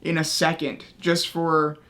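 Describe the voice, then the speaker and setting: A man with a high, light voice rants about other people's choices in his own online commentary. He swears freely and sounds exasperated, pressing each point with a mocking "okay?" as he goes. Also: completely flat delivery, a little slow, bright, forceful tone. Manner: profane, exasperated, keeps asking "okay?". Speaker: commentary YouTuber. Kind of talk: ranting commentary.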